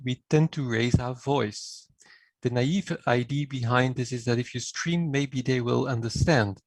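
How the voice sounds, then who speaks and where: A middle-aged man gives a measured conference talk, laying out his points one by one. His voice has a gravelly edge, and the recording is dry and close, with no room echo. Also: mid-range voice. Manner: measured, explanatory lecturing. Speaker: conference speaker on healthcare mediation. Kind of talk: conference presentation.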